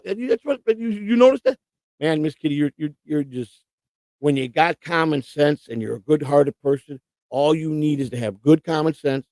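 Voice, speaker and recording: A man's voice: fairly high pitch, darkish tone, dry recording. A middle-aged man hosting a live stream, rambling and combative in casual chat. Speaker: livestream host.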